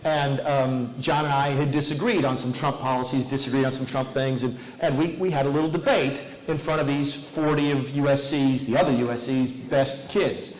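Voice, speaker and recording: A man's voice: mid-range voice, fairly even intonation, normal speed, few pauses, rough recording. A man giving a folksy, self-deprecating rally speech full of anecdotes, recorded in a large venue. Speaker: political speaker.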